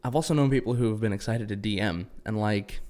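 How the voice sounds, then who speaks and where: A man with a lowish voice chats as a guest on a casual podcast. He agrees readily and often restarts his sentences. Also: fast, a little mellow. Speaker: podcast guest, tabletop player.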